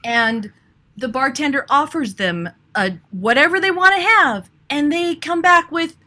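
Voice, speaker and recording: A woman improv player telling quick jokes and playfully acting out the punchlines. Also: high voice, pushed and bright.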